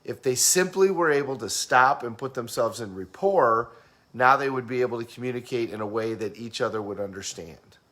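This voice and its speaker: Guy explaining communication styles, casual, does quick and slow voices, asks you questions. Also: mid-range voice, a bit bright. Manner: acts out fast and slow talkers while explaining. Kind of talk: casual teaching talk.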